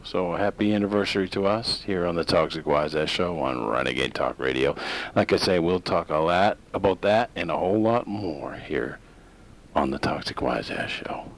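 A very low-pitched male talk radio host rambles through an opinionated monologue. He speaks casually, stopping often on "uh" and restarting his sentences as he goes. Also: gravelly, rough recording.

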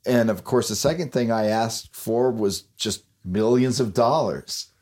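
A man's voice: mid-range voice, unhurried, darkish tone. A man hosting a casual podcast, rambling and self-deprecating, laughing at his own jokes. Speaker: podcast host, musician. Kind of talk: casual chat.

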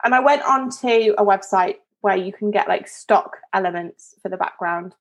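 A woman's voice: mid-range voice, moderate pace. Woman from devon, casual podcast chat, lots of ums and restarts, storytelling. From Devon, England. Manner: chatty storyteller with many fillers and restarts. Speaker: podcast co-host.

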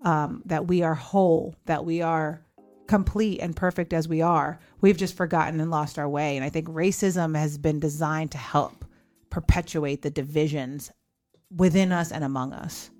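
Woman podcast host in her 40s, kinda low voice, thoughtful and candid, faint music underneath. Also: fairly even intonation, moderate pace, darkish tone. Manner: reflective, candid, acts out remembered dialogue. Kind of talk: personal storytelling in an interview.

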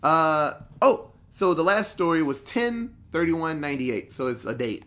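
A man's voice: fairly high pitch, very animated, unhurried, pushed and bright. A man in a casual chat, recapping a horror movie in a rambling, profane way with lots of fillers.

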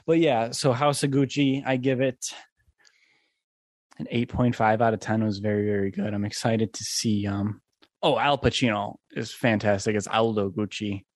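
A man's voice: on the low side, steady tone, normal speed, no room sound, clean studio sound. A young man hosting a casual solo podcast, rambling and filling his talk with "like" and "um.". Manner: rambling, with lots of "like" and "um". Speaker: podcast host.

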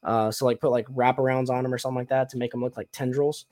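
A man's voice: mid-range voice, level tone, quick pace, darkish tone. A young man hosting a casual chat, rambling and upbeat with many fillers. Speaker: podcast host and cosplayer.

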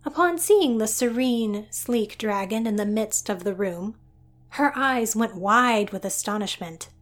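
A woman narrating a scripted story in an even, descriptive way. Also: medium pitch, unhurried.

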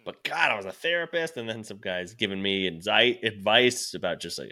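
Bright-toned, low-voiced rambling comic. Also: male voice, animated, brisk. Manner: rambling, swears freely, frequent restarts and laughs. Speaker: stand-up comedian guest. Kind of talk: casual podcast chat.

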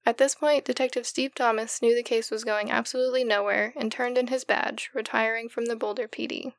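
A woman's voice: fairly high pitch, fairly even intonation, brisk, vocal fry, no echo, studio quality. A woman co-hosting a podcast, teasing her co-hosts in casual chat and reading scripted case narration. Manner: teasing, reads case notes.

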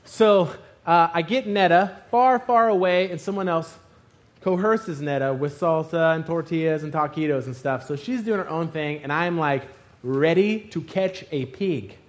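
High-voiced man telling a lively story. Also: normal speed. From Arizona. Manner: animated storytelling, acting out scenes with loud exclamations. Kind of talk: sermon with a comic personal story.

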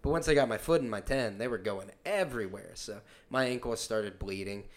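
A man's voice: on the low side, fairly quick. A man co-hosting a podcast, hesitantly recounting a trip in casual chat. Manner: hesitant, full of fillers and restarts. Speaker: podcast co-host.

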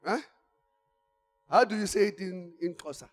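A man preaching a sermon, swinging from quiet asides to shouted exhortation. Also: sits high, normal speed. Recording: long church-hall reverb.

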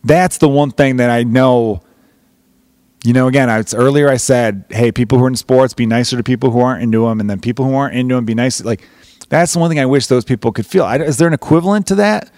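A Chicago podcast host rambles through a casual comedic monologue, jokey and full of swearing. His medium-pitched, slightly mellow voice moves fast, recorded with clean studio sound and no room echo.

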